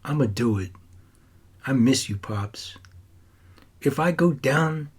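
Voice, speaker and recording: A man's voice: mid-range voice, animated, takes it slowly, slightly rough. A man voicing a troubled teenage boy who writes and talks to his grandfather in an earnest, wistful way.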